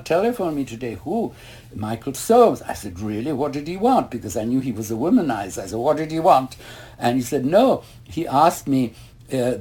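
Husky older man telling lively stories. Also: medium pitch. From Ireland. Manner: animated, acts out quoted voices, laughs often. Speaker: interview guest. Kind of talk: reminiscing storytelling.

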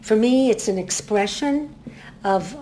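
A woman's voice: medium pitch, slow, slight background noise. An older woman, a community theater actress, talking through a show in a casual interview with lots of restarts. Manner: rambling, many restarts, animated storytelling.

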